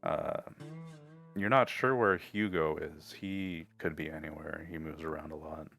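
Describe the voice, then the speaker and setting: A man running a tabletop game as game master, talking in a gruff, laid-back, sweary way with a low pirate-like voice. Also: fairly even intonation, measured pace, a bit bright.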